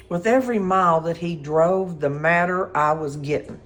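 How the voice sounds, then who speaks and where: Middle-aged woman storyteller, folksy and lively, fairly low voice. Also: moderate pace, hardly any pauses. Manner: folksy, animated, acts out quotes. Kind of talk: casual spoken storytelling.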